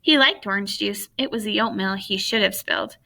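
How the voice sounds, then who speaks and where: A woman reading a children's book aloud in plain, steady storytelling. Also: medium pitch, brisk, creaky. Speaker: audiobook reader.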